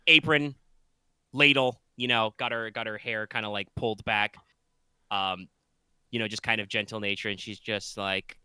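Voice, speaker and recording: A man's voice: fairly low pitch, steady tone, moderate pace, sharp tone, clean tone, dry recording. A man playing a tabletop game, describing scenes in a rambling, filler-heavy way. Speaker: player. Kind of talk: casual tabletop play.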